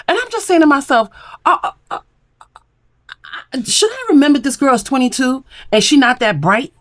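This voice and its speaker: Animated high-voiced woman recapping. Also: moderate pace, long pauses. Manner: animated, opinionated retelling with quoted voices. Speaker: reality TV recap host. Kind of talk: casual recap commentary.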